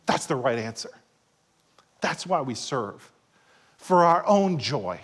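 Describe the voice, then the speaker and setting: A middle-aged pastor preaching a sermon, swinging between loud passages and hushed asides and acting out quoted voices. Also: male voice, high voice, sing-song, a little slow, pauses often. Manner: acts out quoted voices in short skits.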